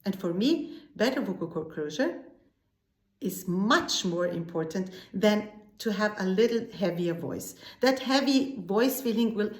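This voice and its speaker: A woman's voice: medium pitch, animated, a little slow. A woman teaching opera singing, explaining vocal technique in a patient way and often restarting words. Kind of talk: vocal lesson. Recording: echoey room.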